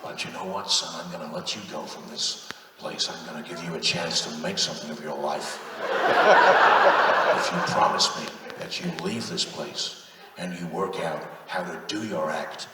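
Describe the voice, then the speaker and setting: A man voicing a gruff, menacing male security guard who speaks quietly. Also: low voice, little pitch movement, fast, hardly any pauses, very noisy, pitched below the performer's own voice, natural voice. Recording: distant echoey hall with loud audience.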